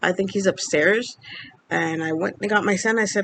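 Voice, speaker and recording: A woman's voice: medium pitch, moderate pace, creaky, a bit bright, a little hiss or hum. A young woman in her twenties, from Mexico, candidly telling a personal story in a casual vlog, rambling with lots of fillers. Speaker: vlogger.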